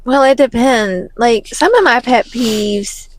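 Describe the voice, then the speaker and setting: Laughing mother, slightly high voice. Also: takes it slowly, no room sound. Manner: laughing, chatty, talks to listeners as y'all. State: exhausted. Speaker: podcast co-host. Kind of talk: casual podcast chat.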